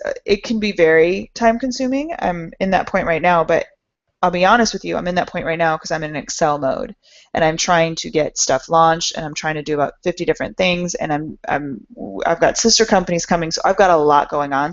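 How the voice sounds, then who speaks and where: A woman's voice: fairly low pitch, a little fast. A woman hosting a podcast, giving an earnest, encouraging motivational talk straight to her listeners. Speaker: podcast host. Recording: dull lo-fi sound.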